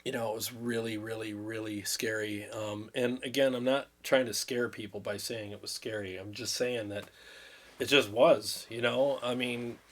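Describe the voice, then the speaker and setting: On a livestream, a man in his fifties talks in a lowish, fairly bright voice with fairly even intonation, at a moderate pace over slight background noise. Drained and recovering from illness, the host rambles earnestly and sometimes grows emotional thanking viewers during casual chat.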